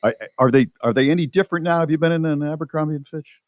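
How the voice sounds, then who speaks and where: A man's voice: fairly high pitch, racing, a little hiss or hum. A middle-aged man hosting a radio talk show, chatting in a friendly, conversational way. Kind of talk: casual radio chat.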